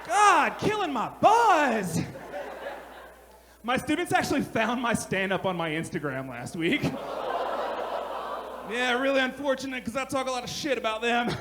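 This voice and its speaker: Brash male stand-up comic, high and animated delivery, live club recording with audible room noise. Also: moderate pace. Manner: brash, animated storytelling with shouted punchlines. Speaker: stand-up comedian. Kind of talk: stand-up comedy set. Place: comedy club stage. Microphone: handheld stage mic. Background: audience laughter.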